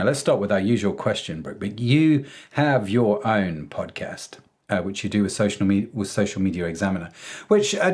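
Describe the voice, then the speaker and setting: A man's voice: medium pitch, a little mellow. A man hosting a podcast interview, upbeat and playful, often chiming in with a cheerful aside. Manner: upbeat, playful, repeats "oh, yes". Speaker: podcast host. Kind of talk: casual interview chat.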